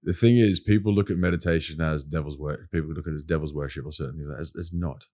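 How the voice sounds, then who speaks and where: A man's voice: rumbling low, fast talker, dark tone. A man with an Australian accent, talking as a podcast guest in casual conversation, earnest and emphatic, often repeating his points.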